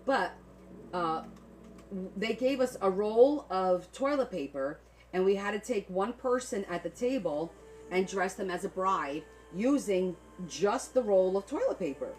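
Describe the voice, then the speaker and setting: A woman's voice: mid-range voice, animated, a little slow, a little mellow, slight background noise. A woman hosting a crafting livestream, telling stories in casual chat and laughing often. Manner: chatty storytelling, laughs often.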